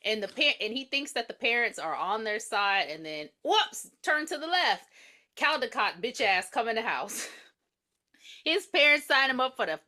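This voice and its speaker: Animated, bright-voiced woman recapping a movie. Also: on the high side, moderate pace. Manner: animated, profane retelling that acts out the characters' lines. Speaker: podcast co-host. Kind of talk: casual movie review chat.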